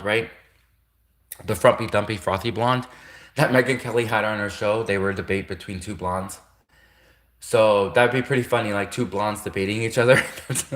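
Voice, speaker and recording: Man, lowish voice, casual livestream rant, rambling, repetitive, self-correcting, chuckles, echoey room. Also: a bit bright. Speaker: livestream host.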